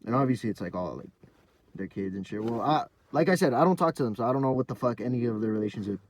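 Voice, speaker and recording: A young man hosting a podcast, telling a rambling, profane story in a casual monologue full of fillers, sometimes dropping to a low mumble. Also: lively intonation, fast talker, darkish tone, dry recording. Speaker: podcast host.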